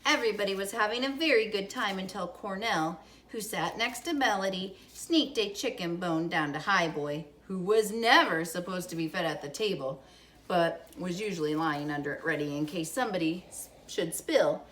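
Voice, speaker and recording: A woman reading a children's chapter book aloud to kids, expressive and animated. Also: on the low side, moderate pace. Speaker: storyteller for children.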